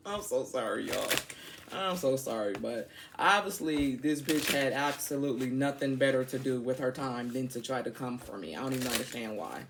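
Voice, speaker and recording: A woman's voice: rumbling low, normal speed, a bit bright, slight background noise. A woman giving a casual spoken tarot reading. She is outspoken and slangy, and she talks straight to her listeners. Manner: chatty, addresses listeners directly. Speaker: tarot reader.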